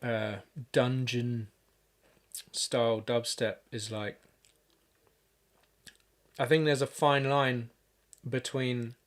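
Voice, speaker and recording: A man chats his way through a music production livestream at an unhurried, slow pace, stopping often to gather his thoughts. His voice sits at an ordinary middle pitch, and his talk is loose and full of fillers and restarts as he thinks aloud at his desk mic. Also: flat delivery. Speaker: music producer streaming a session.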